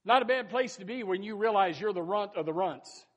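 A man preaching a sermon as pastor, emphatic and folksy, swinging between loud bursts and soft asides and repeating his phrases. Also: high voice, a little fast. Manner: folksy, addresses listeners as folks and says amen.

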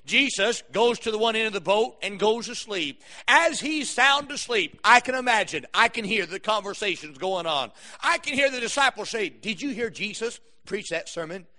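Preacher, man, very high, bright and forceful voice, dramatic storytelling sermon. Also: expressive, normal speed. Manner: dramatic storytelling, bursts of shouting.

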